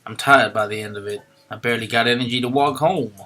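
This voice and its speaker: A man voicing a chatty young taxi driver from the 1920s, loud and full of folksy slang. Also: mid-range voice, fast, soft background music, lightly acted. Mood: brash.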